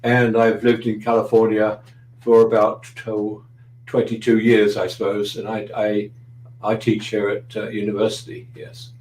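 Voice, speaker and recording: A man's voice: on the low side, completely flat delivery, measured pace, a little mellow, echoey room, a little hiss or hum, rough recording. A middle-aged man with a London accent, a guest chatting in an interview, anecdotal and dryly humorous with frequent hesitations. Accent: British, London. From London, England. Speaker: guest photographer. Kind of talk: casual interview chat.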